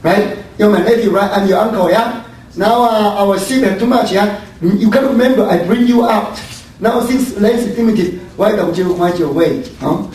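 A man's voice: high-pitched, moderate pace, a little mellow, voice pushed up, lightly acted. A man doing Abraham as a coaxing uncle. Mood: persuasive. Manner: pleading, asks repeated "yeah?". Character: Abraham, elderly patriarch uncle, reasoning calmly. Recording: very echoey room, distant mic.

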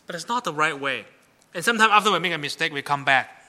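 A man's voice: on the high side, expressive, fast, pushed and bright. A middle-aged man preaching a sermon as pastor, chatty and often checking in with the congregation. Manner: conversational, asks the congregation "right?".

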